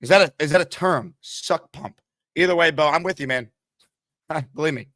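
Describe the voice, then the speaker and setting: A man's voice: a little high, normal speed, a bit bright, no echo, clean studio sound. A man hosting a call-in sports talk show, chatty and upbeat as he takes callers. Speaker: host.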